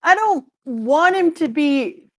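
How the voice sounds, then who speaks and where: A middle-aged woman from Canada, co-hosting a casual stream over a voice call, loud and joking and swearing freely. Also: sits high, expressive, takes it slowly, crowd noise. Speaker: co-host and teacher. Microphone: home microphone over a voice call.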